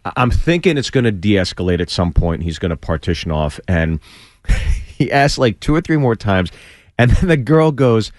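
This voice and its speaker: A man's voice: on the low side, big pitch swings, normal speed, darkish tone, no echo, clean studio sound. A man, a stand-up comedian, telling a story on a radio show and acting out the voices of the people in it, with lots of restarts. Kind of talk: animated storytelling. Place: radio studio. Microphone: studio mic.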